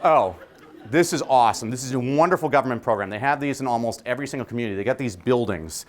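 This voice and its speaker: A man's voice: medium pitch, lively intonation, quick pace, a little hiss or hum. A man who is a teacher, giving a joking, preacher-like keynote speech. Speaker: teacher giving a conference talk.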